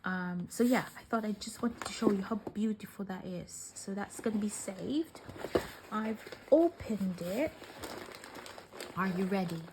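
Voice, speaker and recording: A woman vlogger unboxing crafting gifts in casual chat, gushing and emotional, often dropping to soft whispers, tearful and welling up. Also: mid-range voice, background noise. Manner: slow, with many fillers and sighs.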